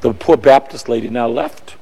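Gravelly priest telling a story. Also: male voice, mid-range voice, normal speed, mellow, in a large hall. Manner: chatty, rambling, searches for words mid-story. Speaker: Catholic priest, radio preacher. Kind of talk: storytelling testimony on a radio broadcast.

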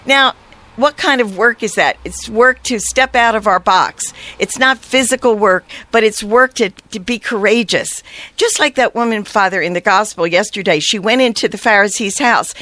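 Woman guest, earnest, halting delivery, heartfelt storytelling, dry close mic. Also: mid-range voice, a bit bright, no room sound.

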